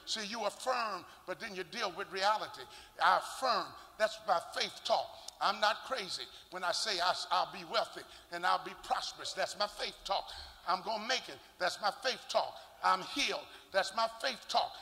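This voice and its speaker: An older man, a bishop, preaching a sermon with shouting, rhythmic sing-song delivery and call-and-response. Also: sits high. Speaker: bishop and pastor. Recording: long church reverb.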